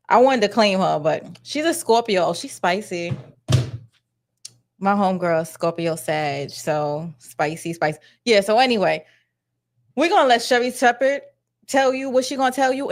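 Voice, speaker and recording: Sassy, blunt woman gossip vlogger. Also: medium pitch. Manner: blunt, slangy and sassy, talks to viewers directly. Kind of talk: casual celebrity gossip commentary.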